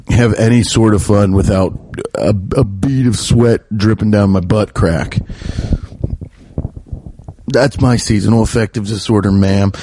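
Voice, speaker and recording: A man hosting a comedy podcast in a rambling, profane, jokey way, his pitch jumping up when he gets worked up, recorded while pacing in his bedroom. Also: dark tone, dry recording. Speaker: podcast host. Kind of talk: casual comedic monologue. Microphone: podcast mic while pacing.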